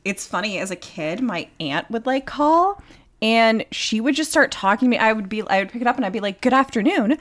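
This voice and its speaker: A woman's voice: on the high side, lively intonation, a little fast. Woman cohost on a laid-back podcast, voice bounces all over, playful and giggly. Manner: playful, laughing, storytelling. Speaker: podcast co-host. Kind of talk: casual podcast chat.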